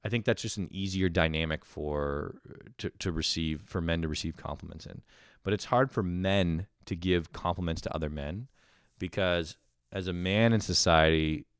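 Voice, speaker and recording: A man's voice: low-pitched, normal speed, clean tone, no room sound, clean studio sound. A man hosting a casual comedic podcast, ranting with profanity and sarcasm. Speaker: podcast host.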